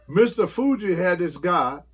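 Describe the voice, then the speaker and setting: An older man, once a wrestler, rambles through casual anecdotes in an interview, laughing often and acting out quotes. His voice is high-pitched, animated and slightly rough, and his pace is slow.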